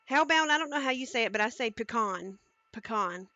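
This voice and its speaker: A woman's voice: high-pitched, rapid-fire, pushed and bright, dry recording, dull audio. A woman cooking on a live stream, chatting casually and talking viewers through each step into a headset mic in her home kitchen.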